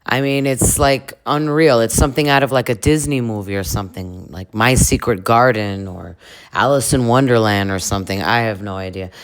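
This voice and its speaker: A woman's voice: very deep voice, normal speed, smooth. A woman in her forties giving campy, sarcastic commentary on a reality show. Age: 40s. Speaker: reaction channel host.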